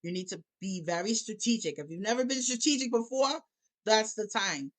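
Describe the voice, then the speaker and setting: A woman with a mid-range, expressive voice talks a little fast. She is a musician and life coach appearing as a guest, speaking candidly and sometimes tearfully about hard years. She gets emotional, laughs through her tears, and acts out her own thoughts in this candid personal conversation.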